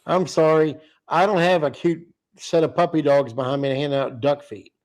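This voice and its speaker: A man's voice: on the high side, fairly even intonation, moderate pace, darkish tone. A man hosting a casual live stream, tired and yawning, rambling and swearing freely. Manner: rambling, swears freely, reads chat aloud. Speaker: livestream host.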